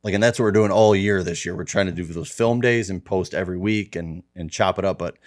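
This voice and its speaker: A man guest in a casual podcast chat, relaxed and rambling, swearing casually. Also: low voice, fairly quick.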